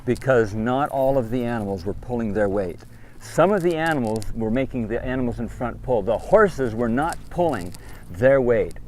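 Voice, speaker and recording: With a little mellowness in his mid-range voice, this trip leader lectures a group of kids outside at a moderate pace and lively intonation. He sternly repeats questions and barks commands, over slight background noise.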